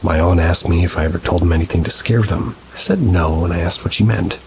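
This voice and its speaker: A man reading true paranormal stories aloud in a measured, somber storytelling manner with dry asides. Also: low-pitched, noisy background. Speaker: story narrator. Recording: steady rain sounds behind the voice. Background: rain ambience.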